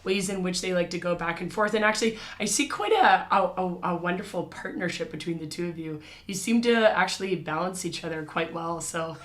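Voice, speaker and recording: A woman guesting on a podcast as a researcher, choosing her words in a measured, academic manner. Her voice sits on the low side for a woman. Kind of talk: casual chat.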